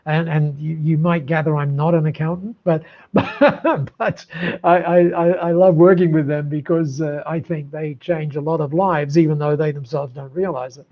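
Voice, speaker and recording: An older man from Australia, a podcast guest telling his story in an animated way, often repeating words as he builds up to a point. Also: a little high, normal speed, dull audio. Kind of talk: storytelling in an interview. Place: room lined with books.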